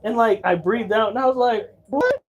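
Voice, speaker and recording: A man casually telling a pet vlog audience an animated story and swearing freely as he goes. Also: sits high, brisk, background noise. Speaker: pet keeper and vlogger.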